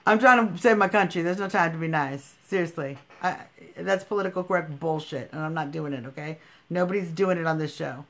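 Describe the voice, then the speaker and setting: Gravelly-voiced woman scolding bluntly. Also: sits low, a little fast. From United States. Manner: blunt, scolding, emphatic, swears freely. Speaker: livestream host. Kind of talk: political livestream rant.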